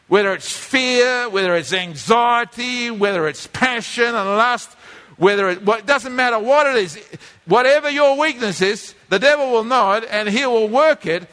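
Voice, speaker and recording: High, bright preacher in a hall. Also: male voice, normal speed. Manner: conversational, often repeats and restarts words. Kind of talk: teaching sermon with a drawing board. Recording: long reverb of a church hall.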